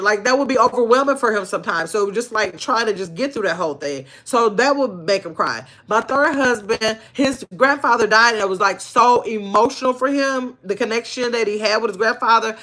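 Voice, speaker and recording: A woman's voice: fairly high pitch, lively intonation, moderate pace, a bit bright. An older woman hosting a casual livestream, chatting loosely and answering viewers' comments as they come in. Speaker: livestream host.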